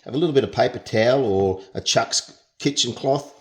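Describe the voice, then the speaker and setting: A young Australian man, a painting tutor, chats casually through a painting demonstration and jokes as he works. He speaks fairly quickly at a medium pitch.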